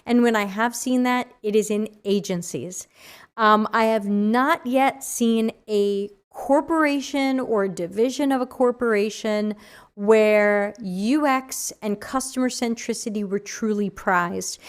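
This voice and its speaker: A woman hosting a casual livestream Q&A, chatty and animated, reading chat questions aloud, her voice tired after an hour of talking. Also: on the high side, measured pace, smooth. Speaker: livestream AMA host.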